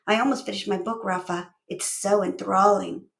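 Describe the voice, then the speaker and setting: A woman voicing a bright, playful young schoolgirl who loves big words, in an eager, teasing manner. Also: medium pitch, fairly even intonation, normal speed, creaky, close to an everyday voice. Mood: chirpy, teasing.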